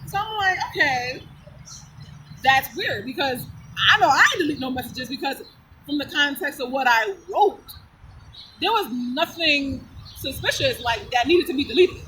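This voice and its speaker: A woman's voice: high voice, normal speed, background noise. A woman chatting casually through a personal story, blunt and profane, laughing often as she retells it. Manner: animated, lively retelling. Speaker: storyteller vlogger.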